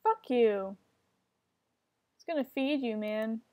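A woman's voice: a little high, lively intonation, takes it slowly, a little mellow. A young woman giving casual commentary while playing an online game, often frustrated and swearing at other players. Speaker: gamer.

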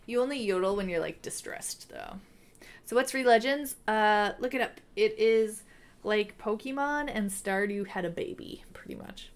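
A woman's voice: mid-range voice, moderate pace. A woman chatting casually and playfully on a live stream, now and then baby-talking to her dog.

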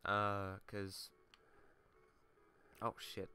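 A man's voice: on the low side, completely flat delivery, extremely slow, sharp tone, smooth. A young man rambling through a casual let's play, swearing and laughing as he tells school stories over his gameplay. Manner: rambling, profane, laughing asides.

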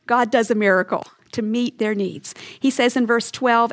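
A woman's voice: on the high side, fairly even intonation, moderate pace. A woman teaching a Bible lesson in an earnest, emphatic storytelling way, acting out short quotes as she goes. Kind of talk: teaching sermon.

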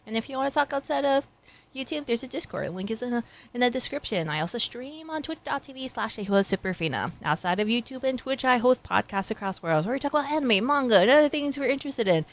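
Young woman, high voice, excited anime reaction, gushing and giggly, chatty. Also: fast talker. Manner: gushing, squealing and laughing, chatty outro.

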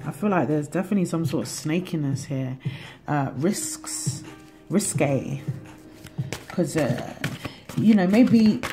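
A woman's voice: sits low, expressive, slow pace, long pauses, music in the background. A woman giving a casual tarot reading to her viewers, chatty and profane, laughing often. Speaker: tarot reader.

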